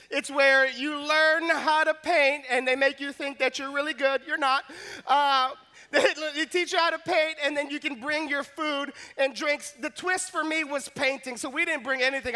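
Young man, preacher, very high voice, self-mocking storyteller. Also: bright, forceful tone. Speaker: pastor. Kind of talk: sermon with humorous story.

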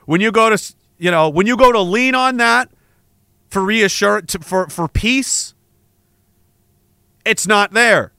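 A man's voice: high voice, unhurried, long pauses, pushed and bright, clear, resonant tone, no echo, studio quality. A man hosting a podcast, delivering an angry, sarcastic, profane monologue. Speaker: podcast host. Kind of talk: ranting monologue.

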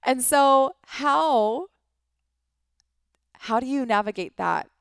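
A woman's voice: high-pitched, lively intonation, slow, creaky, clean tone, dry recording. A woman in her thirties, a life coach, giving an earnest motivational talk full of rhetorical questions and casual swearing. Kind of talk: motivational monologue.

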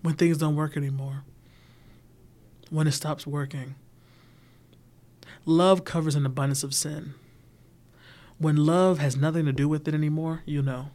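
Earnest podcast host, a man with a slightly high voice. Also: flat delivery, measured pace, long pauses, mellow. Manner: earnest storytelling, acting out quoted voices. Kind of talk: casual chat.

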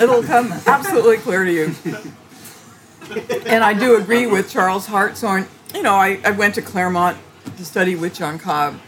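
A woman theologian answering interview questions in a thoughtful, halting way, with frequent restarts and light laughter. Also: medium pitch, background noise. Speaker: theologian guest.

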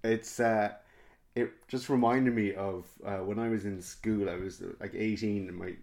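A man's voice: on the low side, steady tone, normal speed, a little mellow, a little hiss or hum. An Irish man, a comedian guest on a podcast, telling anecdotes in an easygoing way and swearing freely. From Ireland. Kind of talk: casual storytelling chat.

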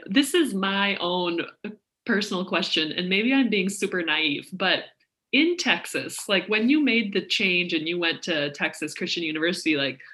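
A woman's voice: mid-range voice, sharp tone. A woman from Minnesota hosting a casual interview, asking curious, rambling questions.

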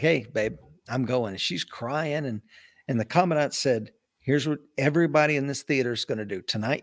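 A man telling his own stories in an interview, bringing the people he quotes to life as he goes. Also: medium pitch. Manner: animated storyteller acting out quoted voices. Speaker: interview guest, retired Marine officer. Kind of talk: casual storytelling interview.

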